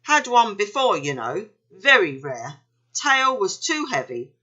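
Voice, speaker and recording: A woman's voice: medium pitch, very animated, takes it slowly, bright, forceful tone, highs cut off, heavily acted. A woman voicing a dry, knowing male doctor who speaks in clipped phrases in a storybook reading. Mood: wry. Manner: clipped, wry.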